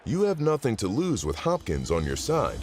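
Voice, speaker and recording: A man reading scripted narration for a football highlight film in a measured, polished delivery. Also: wildly swooping pitch, noisy background. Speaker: documentary narrator.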